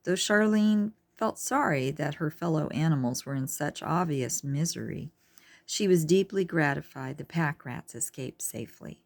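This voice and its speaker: A woman reading a children's book aloud, unhurried, with chatty asides to her listeners. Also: sits low, animated, vocal fry, no echo. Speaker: reader.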